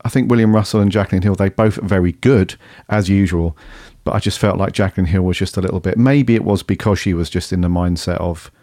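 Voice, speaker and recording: A man's voice: sits low, fast talker, hardly any pauses, mellow, dry recording, studio quality. A man co-hosting a podcast, talking in an easygoing, hesitant way with plenty of ums. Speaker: podcast co-host. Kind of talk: casual podcast chat.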